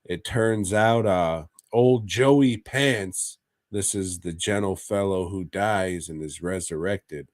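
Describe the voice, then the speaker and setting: A man's voice: low voice, slow, darkish tone, no echo. A man co-hosting a podcast, telling a rambling, profane story in a casual chat. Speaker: podcast co-host.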